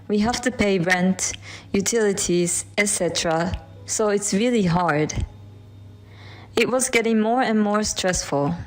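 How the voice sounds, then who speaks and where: A woman reading a first-person story as scripted narration in an earnest, steady way. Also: mid-range voice.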